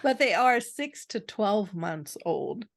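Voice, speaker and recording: A woman co-host in a relaxed podcast chat, speaking slowly and at ease. She quizzes her partner with odd trivia and breaks into laughter often. Her voice is recorded close and dry, with no room sound. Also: mid-range voice, vocal fry, dry recording. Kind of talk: casual chat.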